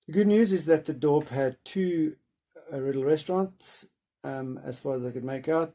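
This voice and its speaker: A man reading a chapter of a children's novel aloud, then retelling it in a loose, hesitant way with many pauses. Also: medium pitch, creaky, dark tone.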